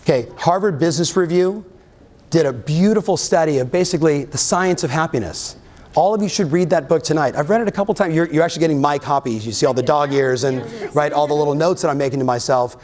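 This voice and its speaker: A man giving an energetic motivational keynote to a live audience, often firing questions at the crowd. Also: on the high side, quick pace. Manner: energetic, keeps quizzing the audience. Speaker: real estate coach and keynote speaker. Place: live event in front of an audience.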